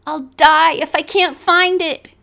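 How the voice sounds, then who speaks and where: A woman reading an audiobook, voicing an excitable teenage girl who gushes breathlessly. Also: very high-pitched, slow pace, creaky, pitched above the performer's own voice, exaggerated voice. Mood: excited. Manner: breathless, gushing. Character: excitable teen girl, boy-crazy fashion fan.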